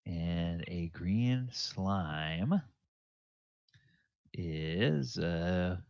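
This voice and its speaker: A low-voiced man narrates a tabletop game as dungeon master, pausing often with ums and restarting his sentences. He talks very slowly. The recording is dry and slightly muffled. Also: lively intonation, vocal fry, darkish tone, dry recording. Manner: halting, full of ums and restarts. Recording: dull lo-fi dry sound.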